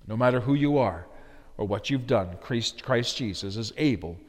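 A man preaching an expository sermon, pressing hard on key words, then dropping to quiet, low phrases. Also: expressive, normal speed. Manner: emphatic, swinging between loud stresses and quiet low phrases. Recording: long hall reverb.

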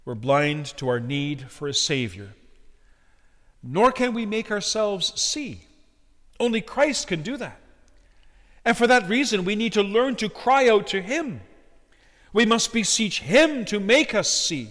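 Male preacher, earnest sermon delivery with swells and hushes, slightly high voice, reverberant hall. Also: very animated, measured pace, long pauses. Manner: earnest, emphatic preaching that swings between loud and hushed.

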